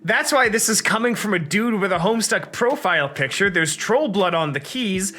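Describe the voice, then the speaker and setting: A man's voice: sits high, animated, normal speed. A man co-hosting a casual comedic chat, playful and laughing often. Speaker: co-host.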